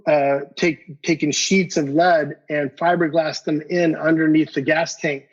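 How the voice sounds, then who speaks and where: A man's voice: fairly high pitch, unhurried. Man telling a story with stammering repeats. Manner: animated, repeats words, acts out dialogue. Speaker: guest collector. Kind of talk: casual storytelling. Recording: dull lo-fi podcast audio.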